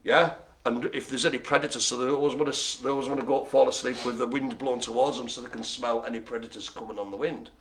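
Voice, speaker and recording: A man's voice: mid-range voice, fairly even intonation, quick pace, a bit bright. A man calling bingo with jokes, banter and playful asides to the players. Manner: jokey, chatty, playful asides. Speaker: bingo caller.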